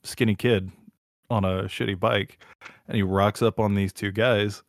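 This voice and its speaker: A man casually recounting a TV scene on a podcast, animated and profane, swearing freely. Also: fairly low pitch, a little slow, no echo, clean studio sound. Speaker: podcast host. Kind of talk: casual chat, retelling a show scene.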